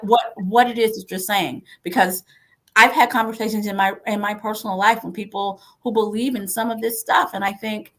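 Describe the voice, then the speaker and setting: Hosting a livestream over video call, the party's woman chair fires up her supporters with emphatic calls to action that she repeats again and again. She speaks at a normal speed, in a fairly bright voice on the high side.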